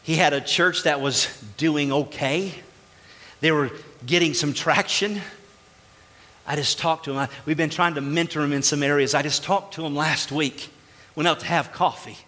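A man's voice: a little high, steady tone, moderate pace, bright, forceful tone. A man preaching a sermon as pastor, speaking emphatically and putting rhetorical questions to the congregation. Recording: long reverb of a large hall.

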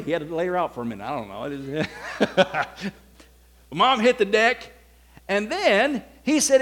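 A man preaching a sermon, telling his own testimony with swings from hushed to loud, exclaiming passages. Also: high voice.

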